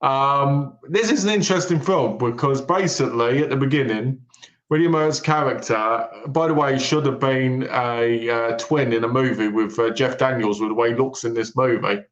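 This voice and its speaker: A man co-hosting a film podcast, retelling movie plots in a lively way and acting out the characters' lines. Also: mid-range voice, normal speed. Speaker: podcast co-host. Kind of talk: casual film review chat. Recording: echoey room.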